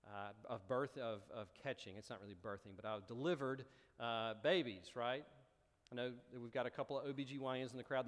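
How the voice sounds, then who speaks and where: A man preaching a sermon, animated and storytelling with rising emphasis. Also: medium pitch. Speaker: pastor. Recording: long hall reverb.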